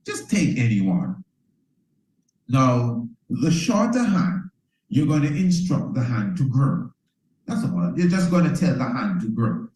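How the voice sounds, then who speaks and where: A man teaching in a preacherly way, leading his listeners through an exercise and circling back to his point again and again. His voice sits at an ordinary middle pitch. The recording has a noticeable roomy echo. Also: a little mellow. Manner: preacherly, repeats phrases and asks "you understand?". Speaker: priest teaching a self-improvement course. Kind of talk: motivational teaching talk.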